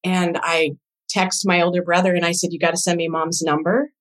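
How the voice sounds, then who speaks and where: A woman guest on a podcast, a doula coach, telling a personal story in casual conversation with emotional, animated quoted dialogue. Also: fairly low pitch, a little fast, low-quality recording.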